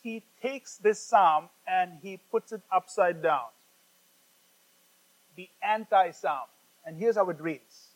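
A man with a fairly high voice delivers a sermon in an explanatory teaching tone. He slows down and leans on the words when reading scripture aloud, with an occasional filler between points. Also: poor audio. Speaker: preacher.

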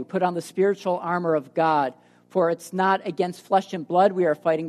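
A woman's voice: low voice, a little mellow. A woman preaching a sermon, emphatic, swinging between raised and dropped delivery for emphasis. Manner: emphatic, rises and drops for emphasis. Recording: reverberant hall.

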